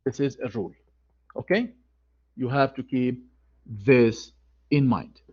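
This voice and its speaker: Slow, repetitive male grammar teacher. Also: medium pitch, husky, highs cut off. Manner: slow, deliberate, repeats key phrases. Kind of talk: online grammar lecture.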